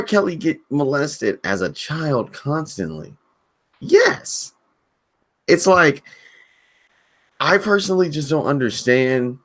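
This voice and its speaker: A man's voice: mid-range voice, a bit bright. A man co-hosting a livestream, talking bluntly and emphatically in slang. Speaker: stream co-host. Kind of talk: casual livestream chat.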